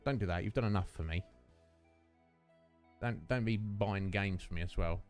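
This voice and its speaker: A man's voice: low voice, moderate pace, faint music behind. A man streaming a game live, chatting affectionately with his viewers and rambling through thoughts with many restarts. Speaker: Twitch streamer.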